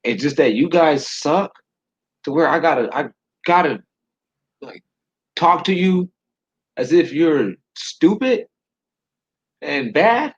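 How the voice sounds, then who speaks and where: A man talking heatedly in a casual conversation, repeating his words as he pushes his point. His voice is a little higher than average and comes through a dull, lo-fi connection. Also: expressive, takes it slowly, long pauses. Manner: heated, stammering, swings high when worked up.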